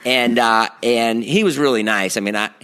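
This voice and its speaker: A man's voice: medium pitch, normal speed, smooth. A man in his forties co-hosting a casual podcast, telling stories with lots of laughter and swearing. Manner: animated storyteller, laughs often, swears. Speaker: podcast co-host. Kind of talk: casual chat.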